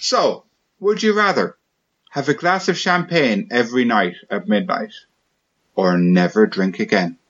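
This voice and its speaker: A man's voice: mid-range voice, expressive, unhurried, fairly bright tone. A man hosting a podcast, chatting casually with friends and reading out questions with a dry, joking manner. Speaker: podcast host. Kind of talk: casual chat. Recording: dull lo-fi sound.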